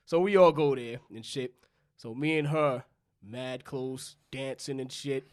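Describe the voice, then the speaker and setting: A man's voice: medium pitch, measured pace, darkish tone. A young man from New York, a podcast co-host, telling a loose, profane story in casual chat and acting out both sides of the dialogue. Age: young adult.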